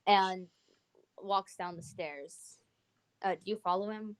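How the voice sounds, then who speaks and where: A woman game master narrates a tabletop session at an even, mid-range pitch. She stops often to think, filling gaps with hesitations. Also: slow pace, clear, resonant tone. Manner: hesitant, many fillers. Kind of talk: running a tabletop role-playing game.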